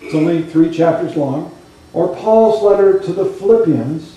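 Guy pastor preaching, kinda high voice, animated storytelling, heard from a ways off the mic. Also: normal speed, a little hiss or hum. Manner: animated storytelling, conversational asides. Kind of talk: sermon. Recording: echoey room, voice from a distance.

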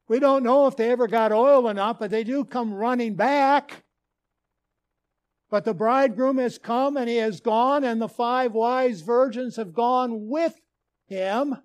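A man's voice: extremely high pitch, a little slow, dry recording. A man from Minnesota preaching a sermon as a pastor, telling stories earnestly with dramatic emphasis. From Minnesota, USA.

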